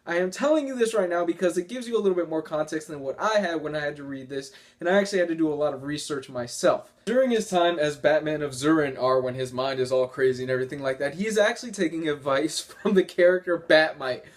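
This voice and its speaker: A man's voice: on the high side, quick pace, few pauses. A man reviewing comic books in a casual, enthusiastic and rambling way, often laughing as he talks.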